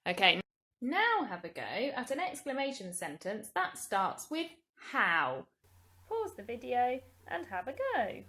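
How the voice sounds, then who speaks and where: An English woman, a primary school teacher, giving a recorded grammar lesson to young children in a slow, clear, patient way. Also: fairly high pitch, huge pitch swings, sharp tone. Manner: slow, clear, patient explaining with drawn-out example words.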